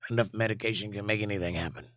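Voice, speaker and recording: A man hosting a casual live stream and reading chat aloud, hoarse with his voice almost gone, scratchy and low, joking in a laid-back way. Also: steady tone, rapid-fire, fairly bright tone, dry recording, studio quality.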